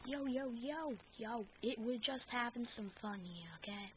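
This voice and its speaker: A woman's voice: on the high side, moderate pace. A woman acting out a playful action figure wrestling skit, rambling and bantering back and forth with herself. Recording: tinny phone-like recording with faint noise.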